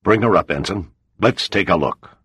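A man voicing a male tugboat crewman who shouts through a storm. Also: low-pitched, normal speed, breathy edge, no echo, voice pushed up, heavily acted. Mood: urgent.

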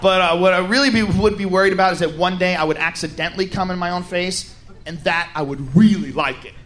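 Animated stand-up comedian man, high voice. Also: fast talker. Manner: loud, animated, shouting bits.

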